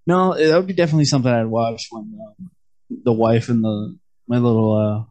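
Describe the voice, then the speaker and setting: A married man, a guest on a podcast, chatting in a relaxed way and laughing easily. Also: medium pitch, fairly quick. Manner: laid-back, easily amused. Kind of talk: casual chat.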